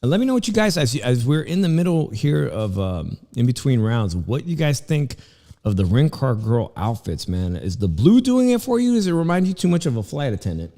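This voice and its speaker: A man hosting a casual live stream at home rambles between fight commentary and chatter while chewing food, with background music playing. His mid-range, dark voice is very animated and brisk, sounding as if he's in a large hall.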